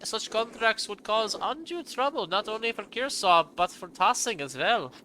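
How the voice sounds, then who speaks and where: Man doing a strict monk sacrist, fake German accent, formal and rule-bound, pitched higher; noisy recording. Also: lively intonation, moderate pace, pushed and bright. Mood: stern. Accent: mock German. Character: stern pious male monk sacrist, middle-aged.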